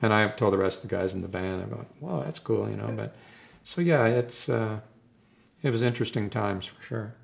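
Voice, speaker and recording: A man's voice: on the low side, fairly even intonation, fairly quick, gravelly. An older man, a rock drummer, reminiscing in a rambling, casual way during an interview and chuckling between his stories.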